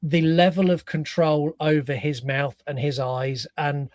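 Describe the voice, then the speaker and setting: Expressive, slightly high-voiced male podcaster. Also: unhurried, no room sound, studio quality. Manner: expressive, acts out lines, swears casually. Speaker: podcast co-host. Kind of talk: casual chat.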